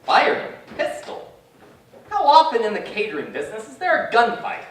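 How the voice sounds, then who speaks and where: A man's voice: extremely high pitch, huge pitch swings, moderate pace, fairly bright tone, a little hiss or hum, exaggerated voice. Male actor as bossy old husband, wide swinging delivery, stagey, heard from afar in a roomy hall. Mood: indignant. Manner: grumbling, bossy, stammering bravado. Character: older blustering male caterer husband. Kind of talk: live stage comedy acting. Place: theater stage. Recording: distant stage mic, echoey theater, audience laughter.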